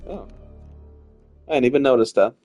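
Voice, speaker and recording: A man's voice: mid-range voice, normal speed, a little mellow, soft background music. A man giving casual let's-play commentary as he plays, rambling, repeating himself and swearing freely. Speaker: gaming streamer.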